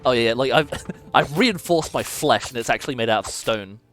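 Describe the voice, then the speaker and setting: A man's voice: mid-range voice, expressive, moderate pace, fairly bright tone, soft background music. A man streamer giving casual gameplay commentary, playful and swearing freely as he muses aloud.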